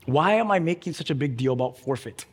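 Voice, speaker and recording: A man's voice: fairly high pitch, expressive, fast, breathy edge, big-room sound. A man preaching a sermon as pastor, urging the congregation directly and with emphasis.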